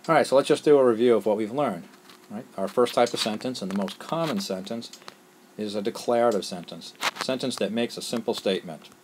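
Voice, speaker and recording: A patient teacher whose low voice moves through the explanation one step at a time. He keeps checking that his students follow along. A faint hiss of noise sits under the recording. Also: brisk. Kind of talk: classroom lesson screencast.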